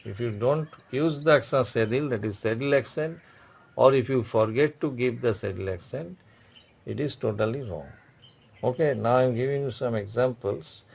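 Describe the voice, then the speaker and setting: Gravelly-voiced man teaching a class. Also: medium pitch, a little mellow. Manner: repetitive, explains slowly with many restarts. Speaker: French teacher. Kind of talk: classroom lecture.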